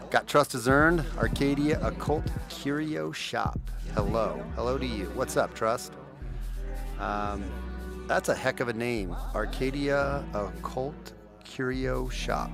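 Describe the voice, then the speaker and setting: A man hosting a casual livestream commentary, with a voice of ordinary pitch. He rambles and chats with his viewers, and music plays in the background behind him. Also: slow, creaky. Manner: rambling, many fillers and restarts, chatty with viewers. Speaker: livestream host.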